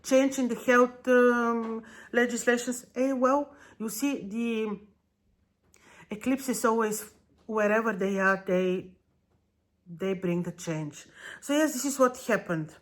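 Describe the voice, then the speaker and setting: Woman giving an astrology forecast. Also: on the high side. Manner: unhurried, many fillers and restarts. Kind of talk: monthly astrology overview.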